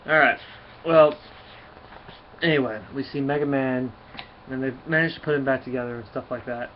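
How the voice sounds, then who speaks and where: A man's voice: mid-range voice, steady tone, moderate pace, pauses often. A man giving a casual, rambling comic book review, with many fillers and restarts. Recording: dull lo-fi recording, faint hiss.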